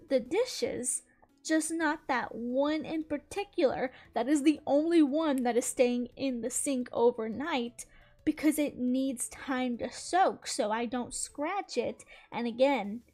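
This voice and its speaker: A young woman with a high, light voice tells a story in casual, chatty fashion. She sounds exasperated and animated and laughs often as she recounts things. Faint music plays softly behind her. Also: slow. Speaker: gaming channel host.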